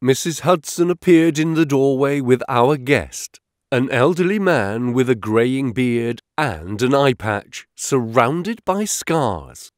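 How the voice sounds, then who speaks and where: A male audiobook narrator telling a first-person detective tale in a slow, measured way. His voice rises and falls freely, and the sound is dry and close, with no room echo. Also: medium pitch. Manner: measured, expressive reading.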